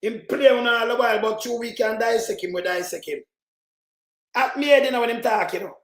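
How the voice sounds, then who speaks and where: Give me a Jamaican man with a very high voice, mocking and heated, reacting to clips in a room with echo. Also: steady tone, quick pace, fairly bright tone. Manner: heated, mocking, speaks in patois. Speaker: political commentator. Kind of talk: reaction commentary on played clips.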